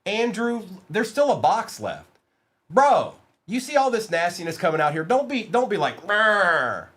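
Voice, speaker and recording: Animated man running a live card break. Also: high-pitched, breathy edge. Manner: rapid, excitable, banters with chat by name.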